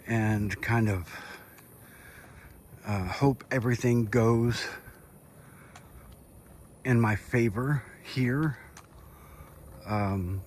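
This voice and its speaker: A man's voice: medium pitch, slight background noise. A middle-aged man with the hiccups, giving a rambling, hesitant update to his viewers while walking outdoors at night. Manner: rambling, hesitant, with many fillers. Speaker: vlogger. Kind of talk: casual walk-and-talk update.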